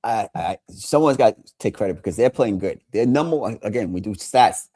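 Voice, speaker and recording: A man co-hosting a sports podcast, excitable in casual chat, often restarting his sentences. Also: lowish voice, brisk. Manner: excitable, lots of restarts and laughter. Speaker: podcast co-host.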